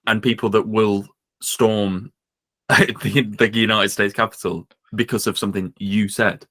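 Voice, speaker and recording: Mocking podcast co-host, low voice. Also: male voice, fairly even intonation, fairly bright tone. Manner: opinionated, mocking, slips into quick impressions. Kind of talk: casual political chat.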